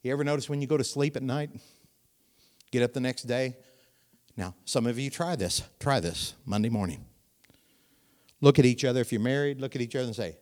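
A middle-aged man preaching a sermon in a voice that sits in the middle of the male range. He talks to the congregation like a friend, asking them questions, then lifts his volume for emphasis and slows down on the key lines. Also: medium pitch. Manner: animated preaching with rising volume and dramatic pauses; conversational, asks the audience questions.

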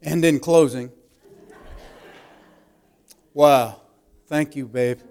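A man pastor giving slow affirming responses, then moving on to scripture in his sermon. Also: fairly high pitch, darkish tone, faint music behind.

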